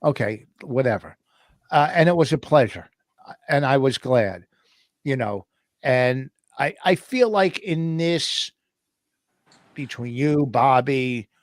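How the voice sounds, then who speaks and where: A man's voice: mid-range voice, animated, unhurried, dry recording. Wisecracking male guest comic. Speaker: guest comedian. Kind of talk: casual podcast banter.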